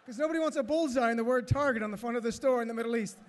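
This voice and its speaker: A man's voice: very high-pitched, very fast, few pauses. A man doing a stand-up comedy routine as master of ceremonies, joking and acting out characters, in a large hotel ballroom. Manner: joking, animated, acts out characters. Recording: echoey hall.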